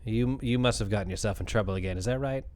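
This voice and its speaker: A man's voice: on the low side, quick pace, a little mellow, no room sound, close to an everyday voice. A man voicing a wary hermit woman wizard who stammers out suspicious questions.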